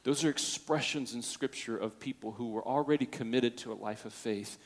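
Male pastor, mid-pitch, preaching with big swings between hushed and booming. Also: normal speed. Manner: dynamic, swinging from hushed to loud, acting out quotes. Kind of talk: sermon.

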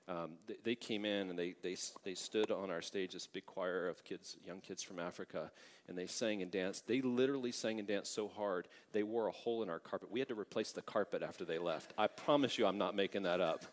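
Animated male pastor preaching in a reverberant hall. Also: low voice, a little fast, hardly any pauses, slight background noise. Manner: animated preaching, rising loud for emphasis, often asking "right?" and "amen?". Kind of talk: sermon. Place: large church sanctuary.

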